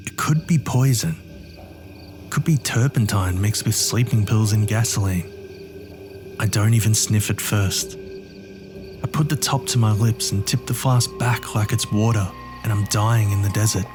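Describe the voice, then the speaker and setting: A man's voice: on the low side, unhurried, over music. A man narrating a horror story in the first person with a gritty, streetwise delivery.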